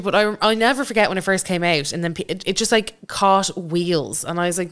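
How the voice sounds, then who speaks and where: A woman's voice: medium pitch, normal speed, fairly bright tone, clear, resonant tone. A young Irish woman co-hosting a podcast in casual chat, giggly and swearing freely. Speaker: podcast co-host.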